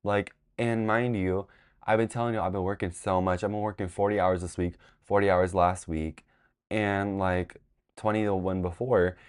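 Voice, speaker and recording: A tired young man hosting a casual vlog, chatty and dramatic, swinging between drained sighs and excited squeals. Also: low-pitched, normal speed, clear, resonant tone. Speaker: vlog host.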